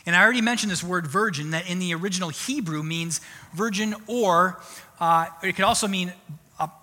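Male pastor preaching, bright forceful voice, animated and conversational, reverberant sanctuary. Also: high-pitched, fairly quick. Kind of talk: sermon. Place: church sanctuary. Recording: long church hall reverb.

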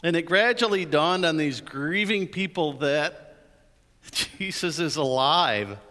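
A man's voice: on the high side, lively intonation, takes it slowly, bright, forceful tone. A man preaching an Easter sermon in a church, telling the story with animation and playful asides. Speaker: pastor. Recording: hall reverb.

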